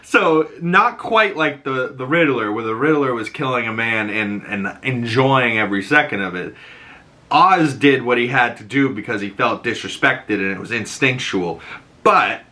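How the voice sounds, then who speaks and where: Bright-voiced man recapping a show. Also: mid-range voice, moderate pace. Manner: rambling, profane, excitable. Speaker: podcast host. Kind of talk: casual episode recap and reaction.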